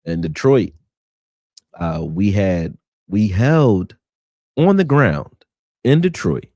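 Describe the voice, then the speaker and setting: A deep-voiced man hosts a casual live breakdown of football film, arguing animatedly and answering people in the chat. He takes it slowly, and the recording is dry and studio quality.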